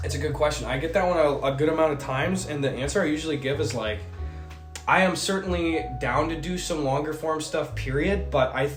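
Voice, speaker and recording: Speaking fairly quickly in a fairly high voice, a man casually reads chat messages on his livestream. He rambles, swears and adds jokey asides, sounding a little sick. The audio has a roomy quality, and soft music plays in the background.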